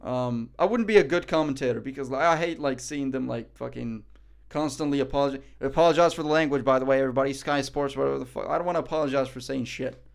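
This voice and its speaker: A man's voice: mid-range voice, fast, creaky. A man streaming live, reacting in casual chat; cocky, joking, profane and rambling.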